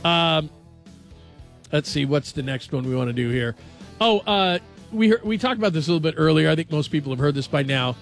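A man hosting a sports radio show, chatting casually and reading headlines in a jokey, animated way. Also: a little high, brisk, vocal fry, soft background music.

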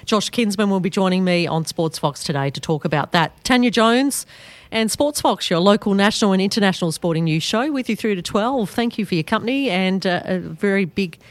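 A woman's voice: medium pitch, lively intonation, brisk, dry recording. A woman with an Australian accent hosting a community radio sports show, talking in a chatty way with frequent fillers and restarts.

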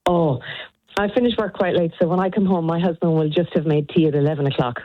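A woman's voice: low voice, steady tone, fast talker, no echo, phone-quality sound. A middle-aged woman with a Northern Irish accent, chatting on a radio phone-in, laughing often as she tells her stories. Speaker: caller. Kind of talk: casual radio phone chat.

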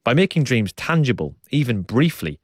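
A man presenting a radio documentary, narrating and describing what he sees in a calm, descriptive way. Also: medium pitch, moderate pace, slightly rough. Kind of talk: documentary narration and on-site reporting.

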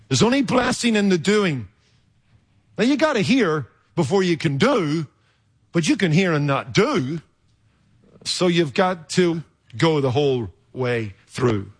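A man preaching a sermon in an emphatic, rhetorical way, with dramatic pauses and sudden jumps in loudness. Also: sits high, expressive, slightly rough.

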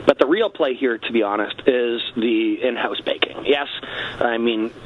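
Canadian male radio guest, lively and mock-earnest, a bit lo-fi. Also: mid-range voice, normal speed, a little hiss or hum. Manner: animated, mock-earnest, repeats "let's be honest". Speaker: satirical political guest. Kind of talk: comedic radio talk interview.

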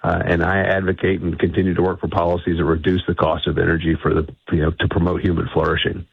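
Deep husky man on a phone line. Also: level tone, quick pace, no echo. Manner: emphatic, assertive. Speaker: guest. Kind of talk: interview on a radio show.

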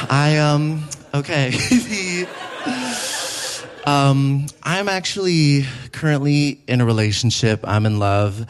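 A young man performing an animated stand-up set on a theater stage, slipping into high character voices. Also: takes it slowly. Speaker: stand-up comedian. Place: theater stage before a live audience. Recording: live theater with audible noise.

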